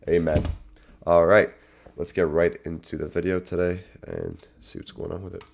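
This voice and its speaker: A man's voice: low-pitched, measured pace, gravelly. A man hosting a reaction video, chatting casually and reading out a Bible verse. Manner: relaxed, chatty.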